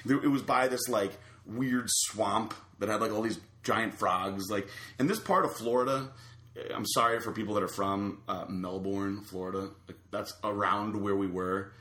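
A man's voice: on the low side, normal speed, roomy sound. A man telling a long rambling story in casual chat, full of fillers and restarts. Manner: rambling, animated anecdote with many fillers.

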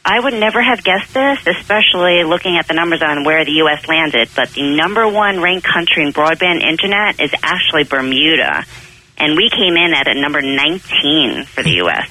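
A woman with a Long Island accent co-hosts a radio chat, upbeat and eager. Her voice is very bright and sharp. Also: low-pitched, animated, a little fast, low-quality recording. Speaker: radio co-host.

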